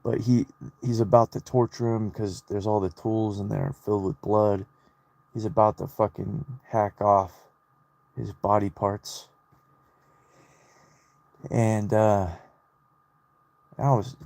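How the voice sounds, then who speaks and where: A man's voice: fairly low pitch, fairly even intonation, slow pace, vocal fry, long pauses, a little mellow, no room sound. A young man in a casual solo vlog, retelling a movie and his childhood in a loose, swear-heavy ramble that keeps restarting. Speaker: solo vlogger. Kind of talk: rambling personal monologue.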